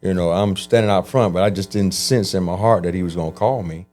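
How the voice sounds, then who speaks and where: A man telling his life story in an interview, animated and acting out the voices of people he quotes. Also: low-pitched, brisk, faint music behind. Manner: animated, acts out quoted voices, frequent restarts. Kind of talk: conversational storytelling.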